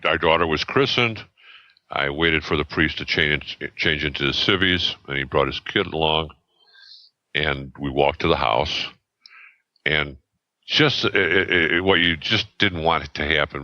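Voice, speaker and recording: A man in his seventies, a podcast guest, telling a story in a rambling, halting way with many restarts and fillers, on a dull lo-fi recording. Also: extremely low pitch, sharp tone, no echo. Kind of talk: casual storytelling. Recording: dull lo-fi sound.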